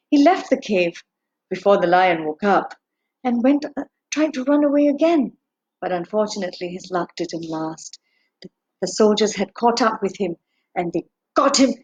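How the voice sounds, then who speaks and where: A woman narrating a children's story aloud in a slow, expressive way, dropping to a hush at tense moments. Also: on the high side, slightly rough. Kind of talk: gentle read-aloud storytelling. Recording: dull lo-fi recording.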